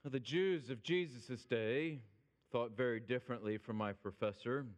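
A man preaching a sermon, speaking emphatically and slowing down when he quotes scripture. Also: medium pitch, long reverb tail. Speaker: pastor.

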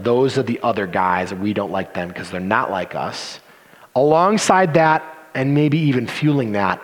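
A male pastor preaches with a fairly high voice that climbs and dips with lots of expression. He drops into teasing, sarcastic asides. The sound carries a long reverb, as in a large hall. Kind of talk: sermon.

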